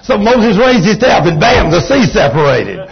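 A man's voice: high voice, sing-song, moderate pace, vocal fry, faint music behind. A Texan man preaching a sermon, folksy, rambling and enthusiastic. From Texas. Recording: dull lo-fi recording.

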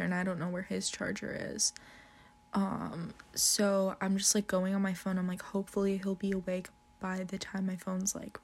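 A woman's voice: medium pitch, vocal fry. A young woman telling a casual, profanity-laced story, laughing often as she talks. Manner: slow, drawn-out delivery with frequent swearing and laughter.

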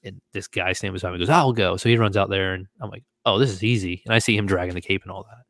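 Casting note: male podcast host, lower register, lively storyteller who acts out quoted voices, dry close sound. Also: fast talker, dry recording. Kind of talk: casual storytelling.

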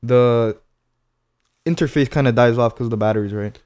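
A young man with a middle-pitched voice co-hosts a podcast. He chats in an easygoing way, full of slang and filler words. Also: normal speed, smooth. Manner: relaxed slangy banter. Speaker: podcast co-host. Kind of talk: casual chat.

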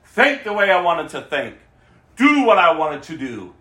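Animated preaching man in an echoey room. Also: on the high side, a little slow. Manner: emphatic preaching, rhetorical questions, shifts between loud and hushed. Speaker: pastor. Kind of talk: sermon.

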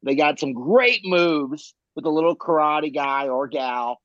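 A man co-hosting a casual podcast chat, animated and swearing, laughing often. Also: fairly high pitch, measured pace, no room sound. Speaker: podcast co-host. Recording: dry, dull lo-fi mic.

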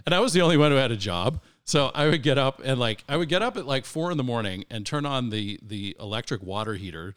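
A man's voice: mid-range voice, expressive, fast, few pauses, fairly bright tone, clear, resonant tone, no room sound, clean studio sound. A man from the area, a podcast guest telling a long anecdote in a chatty, rambling, self-amused way with many fillers. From Boston area, US. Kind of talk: casual anecdotal storytelling.

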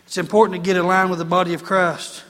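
A man's voice: high voice, little pitch movement, fast talker, bright, forceful tone, long reverb tail. A man preaching a sermon as pastor in a church, emphatic and repetitive in his delivery. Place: church sanctuary.

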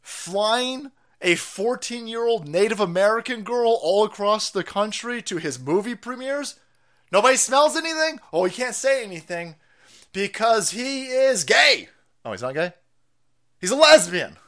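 Brief: foul-mouthed male stream host, high and lively, sarcastic rant. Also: a little slow. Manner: profane, mocking, animated. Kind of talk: livestream rant commentary.

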